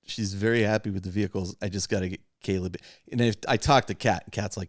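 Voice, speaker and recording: A man's voice: lowish voice, steady tone, quick pace, no echo, clean studio sound. A man hosting a podcast, chatting casually and candidly about his hobby and life, rambling and laughing often. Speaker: podcast host.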